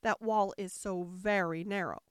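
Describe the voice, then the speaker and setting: A woman's voice: mid-range voice, fairly even intonation, unhurried, smooth, no echo, studio quality, close to an everyday voice. Alice, a woman doing a polite young girl. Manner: polite, gentle, a little doubtful. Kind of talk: storybook reading.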